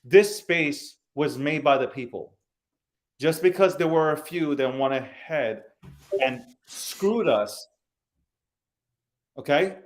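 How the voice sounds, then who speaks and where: Talking slowly with frequent pauses, a podcast host with a slightly high voice and lively intonation delivers a heated crypto rant. He's angry and profane, hammering his arguments by repeating phrases again and again.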